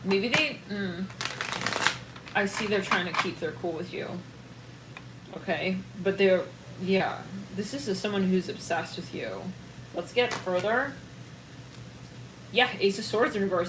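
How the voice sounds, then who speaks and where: Excitable rambling woman reading tarot. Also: mid-range voice, roomy sound, background noise. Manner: excitable, rambling, laughs often and trails off. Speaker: tarot reader. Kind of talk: casual tarot reading to camera.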